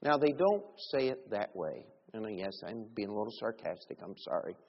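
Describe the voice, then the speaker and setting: A man preaching a sermon as pastor, swinging between loud emphatic bursts and quiet low asides. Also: lively intonation, moderate pace, vocal fry, breathy edge. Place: church sanctuary. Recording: lo-fi church audio with long reverb.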